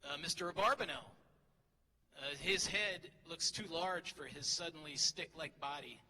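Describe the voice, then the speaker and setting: Speaking at a normal speed, this middle-aged teacher uses a fairly high, bright, forceful voice at a podium mic. His graduation speech in a big hall is funny, teasing, and self-deprecating, with hall reverb and faint crowd sounds in the background.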